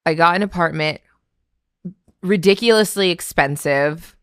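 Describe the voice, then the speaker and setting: A woman's voice: fairly low pitch, measured pace, clean tone, no echo, studio quality. A woman from Canada, a podcast guest, telling stories in casual chat and laughing often. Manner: storytelling, laughing often, acting out quotes.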